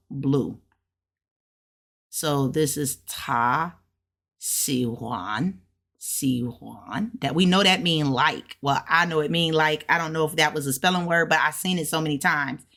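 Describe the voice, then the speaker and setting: A woman's voice: deep voice, a bit bright. A woman teaching herself Mandarin in a casual lesson. She sounds out syllables and repeats each one several times, thinking aloud when she is unsure. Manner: thinks aloud, unsure of her own pronunciation. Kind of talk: casual self-study lesson.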